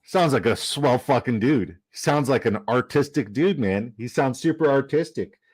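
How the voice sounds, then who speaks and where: A young man casually chatting on a live stream, reading chat comments aloud, excitable and swearing freely. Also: mid-range voice, moderate pace, breathy edge. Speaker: fantasy football streamer.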